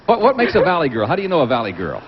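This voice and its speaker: A man hosting a game show, bantering and teasing the contestants in a brisk way. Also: fairly high pitch, huge pitch swings, crowd noise. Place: TV studio with live audience. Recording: dull old TV tape, studio audience. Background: studio audience.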